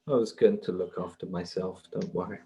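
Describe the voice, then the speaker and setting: A man's voice: low voice, fairly even intonation, fairly quick, vocal fry, dark tone, husky. A man chatting as a player in a tabletop game, hesitant and full of fillers. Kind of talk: casual tabletop game chat.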